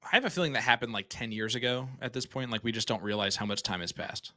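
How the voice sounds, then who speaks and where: A male darts commentator with a bright, forceful voice, calling the action live. He keeps up a loose, joking patter and teases his co-host between legs. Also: mid-range voice, quick pace. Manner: jokey, teasing banter.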